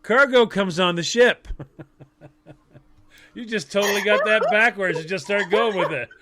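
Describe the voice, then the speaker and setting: A man's voice: sits high, unhurried, sharp tone. A man co-hosting a podcast, talking in playful, rambling casual banter. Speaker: podcast co-host.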